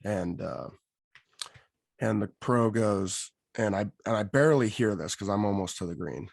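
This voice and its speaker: Gravelly-voiced man telling a story. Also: lowish voice, moderate pace, no echo, clean studio sound. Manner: animated, lively storyteller acting out quotes. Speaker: podcast host. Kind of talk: casual storytelling.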